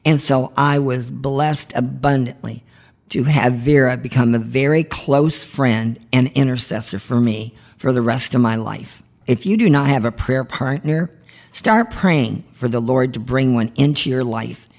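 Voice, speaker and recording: A woman's voice: very deep voice, a little slow, vocal fry, darkish tone. A woman hosting a marriage ministry podcast, giving heartfelt devotional teaching in an earnest, pleading way.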